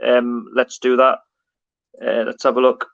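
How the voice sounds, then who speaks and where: A man's voice: medium pitch, completely flat delivery, unhurried, creaky, a bit bright. A man hosting a casual live stream, chatting with guests and reading out viewer comments. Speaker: livestream host. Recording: dull lo-fi stream audio.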